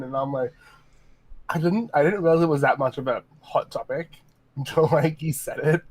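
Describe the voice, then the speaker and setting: A man's voice: mid-range voice, a little fast. A man from Australia chatting casually as a guest on a stream, easygoing and laughing often.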